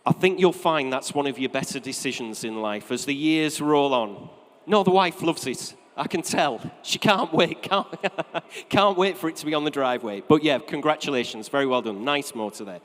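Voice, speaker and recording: An English man working as an auctioneer, calling bids in a brisk, chatty patter and joking with bidders at a live auction. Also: mid-range voice, expressive, fairly bright tone. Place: auction hall. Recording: hall reverb from a live auction room.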